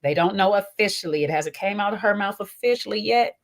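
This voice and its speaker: A woman's voice: mid-range voice, fairly quick. A woman hosting a chatty, sassy reality TV recap, with a slight twang and a habit of tagging her lines with little asides. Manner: chatty and sassy, often tags lines with "okay?" and "child". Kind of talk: casual commentary.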